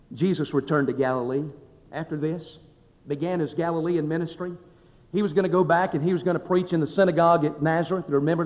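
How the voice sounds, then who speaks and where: A male pastor preaching a sermon in a folksy, emphatic way, swelling and dropping his voice. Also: fairly high pitch. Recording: dull sound with long hall reverb.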